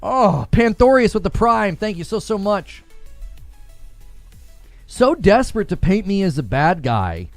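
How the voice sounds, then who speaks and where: A man's voice: high voice, very animated, a little slow, gravelly, pauses often, no room sound, soft background music. A young man hosting a gaming live stream, reading viewer comments aloud in a sarcastic, mocking way and laughing often. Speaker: gaming livestream host.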